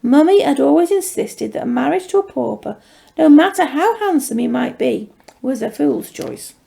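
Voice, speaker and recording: A woman author reading her own fantasy story aloud in a measured, steady way. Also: high voice, gravelly. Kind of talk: storybook narration.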